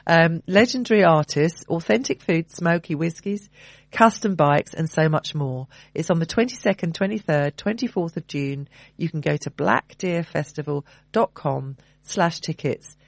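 A woman's voice: sits low, normal speed, vocal fry, dry recording. A woman co-hosting a radio show, teasing and bubbly as she reads out event plugs. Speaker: radio co-host.

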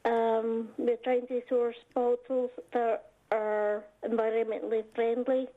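A woman's voice: a little high, little pitch movement, unhurried. A woman from Scotland calling in about her small business, answering in a plain, matter-of-fact way. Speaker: caller, small business owner. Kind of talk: phone-in interview. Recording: tinny phone line.

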